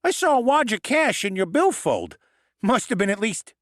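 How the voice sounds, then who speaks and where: Goblin sidekick, male, squeaky and high, dim and blurting, storybook comic relief. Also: sing-song, moderate pace, dry recording, studio quality. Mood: helpful. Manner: blurts without thinking.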